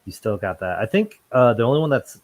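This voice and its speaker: A man's voice: mid-range voice, expressive, brisk, a little mellow, no room sound, rough recording. A man co-hosting a casual chat, laid-back and agreeable, with lots of fillers. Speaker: co-host.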